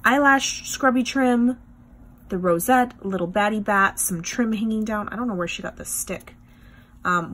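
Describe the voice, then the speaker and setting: A woman's voice: mid-range voice, slight background noise. Gushing woman showing off craft supplies. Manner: gushing, excitable, lots of "like" and "you guys". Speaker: craft video host. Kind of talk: casual show-and-tell chat.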